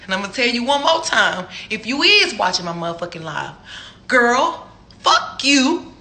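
A woman's voice: a little high, big pitch swings, sharp tone. Woman ranting profanely on a live stream. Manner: profane, heated, slow emphatic delivery with laughter.

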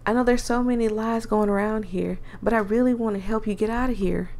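A daring young country girl with a drawling country accent, breezy and teasing as she confides her secrets, as a woman puts her on while reading a story game aloud. The voice is gravelly with a mid-range pitch, and it has a playful edge. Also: fairly even intonation, fairly quick, a little mellow, lightly acted. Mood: earnest. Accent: put-on American country accent. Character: bold country girl pilot, young woman, risk-taker.

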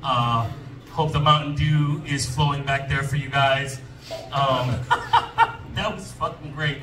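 A man's voice: medium pitch, fairly even intonation, takes it slowly. A man doing a loose, teasing, profane stand-up set on a club stage. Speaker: comedian. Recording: roomy distant club sound with music and crowd.

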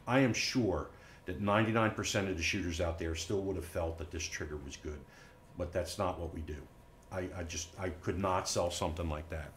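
A man's voice: low voice, a little hiss or hum. A middle-aged man and company founder presenting a new product at a live Q&A, folksy and emphatic, tagging lines with "all right?" and "okay?" and acting out the people in his stories. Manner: animated storyteller acting out quoted people.

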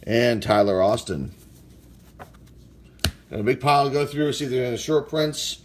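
A man's voice: mid-range voice, moderate pace, slight background noise. A man opening packs of baseball cards, casually reading out player names and sometimes stumbling over hard ones. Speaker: sports card collector opening packs. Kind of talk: casual card-break commentary.

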